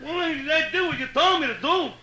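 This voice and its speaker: A man's voice: very high voice, fairly quick, sharp tone, pitched above the performer's own voice, full character voice. A man doing a flustered, whiny husband. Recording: echoey live room with crowd noise.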